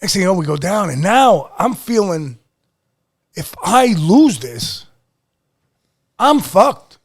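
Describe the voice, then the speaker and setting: A middle-aged man from Pennsylvania hosting a podcast, telling a story in a casual, animated, profane way and acting out what people said. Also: high voice, slow. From Lehigh Valley, Pennsylvania. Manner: animated, profane storyteller who acts out quotes. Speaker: podcast host.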